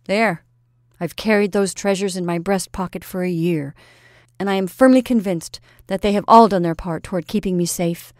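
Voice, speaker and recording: A woman's voice: mid-range voice, normal speed, darkish tone, no room sound, close to an everyday voice. A proud young soldier teases his sweetheart with playful bravado, as a woman reads him aloud. His talk is boastful and earnest at once, in a storybook reading with a dry, close sound. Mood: proud, teasing. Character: young male soldier lover, proud and teasing.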